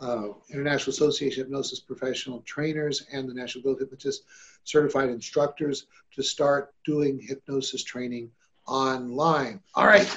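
A man's voice: medium pitch, fairly even intonation, brisk, fairly bright tone, highs cut off. A man hosting a podcast on hypnosis, talking in an upbeat, chatty way with some fillers. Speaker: host and hypnosis trainer. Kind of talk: casual podcast chat.

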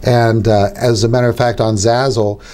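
Middle-aged male hypnotist, teaching tone, chatty, repeats his catchphrases, everyday mid-pitched voice. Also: little pitch movement, normal speed, a little mellow. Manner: conversational, repeats key phrases, acts out dialogues. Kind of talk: instructional talk to camera.

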